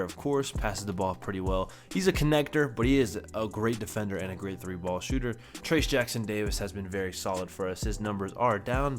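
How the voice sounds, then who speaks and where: Chatty low-voiced man over faint music. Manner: chatty, self-correcting, rattling off stats. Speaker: gaming YouTuber. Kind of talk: casual game commentary.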